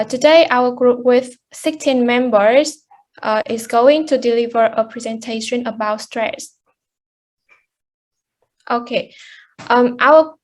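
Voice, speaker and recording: High-voiced young woman presenting in class. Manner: hesitant, many fillers and restarts. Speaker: student presenter.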